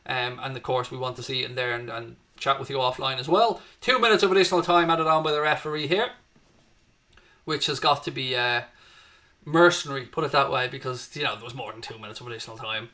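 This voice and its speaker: Hosting a live fan watchalong, a man from Ireland greets viewers, reads out their chat, and calls the match, his energy lifting with the action. He talks at a quick pace in a mid-range voice that sounds pushed and bright.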